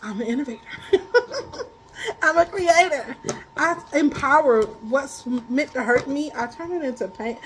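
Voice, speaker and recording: Woman, high voice, tarot reader, casual storyteller, quick to laugh, blunt and colloquial. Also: slight background noise, rough recording. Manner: animated, laughs often while telling stories. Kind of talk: casual spiritual chat.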